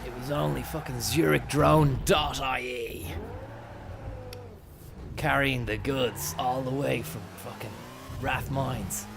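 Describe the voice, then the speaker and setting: Give me a young man spinning an absurd comic tale, slow and deadpan, with a gravelly rasp. He rambles along, swearing casually. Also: mid-range voice, a crowd in the background. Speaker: comedian streamer.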